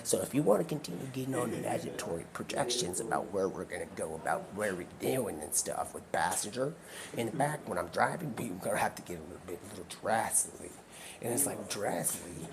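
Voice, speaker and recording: A man's voice: lowish voice, very animated, quick pace, crowd noise. A man livestreaming from a car while driving, telling a rambling improvised story that keeps jumping between put-on voices and whispers. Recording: clear background noise.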